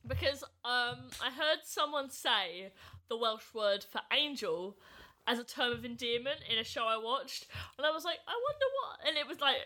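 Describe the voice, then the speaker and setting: A woman's voice: on the high side, lively intonation, moderate pace, sharp tone. A woman co-hosting a podcast, chatting casually in a playful, giggly, rambling way. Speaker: podcast co-host. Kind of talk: casual chat.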